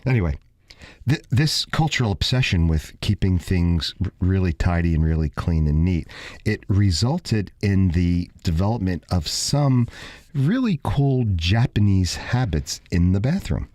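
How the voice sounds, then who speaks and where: A man's voice: deep voice, measured pace, no room sound, studio quality. Een geanimeerde man met een Brooklyn-accent. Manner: joking, animated, playful teasing. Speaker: radio host, salon owner. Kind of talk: casual radio chat.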